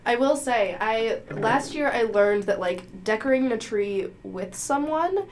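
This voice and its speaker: A woman in a casual chat who reacts quickly and upbeat to the others. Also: a little high, lively intonation, background noise.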